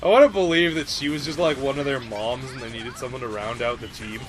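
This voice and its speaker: A young man giving casual let's-play commentary in a dry, sarcastic way, sometimes dropping his voice low for jokes. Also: brisk.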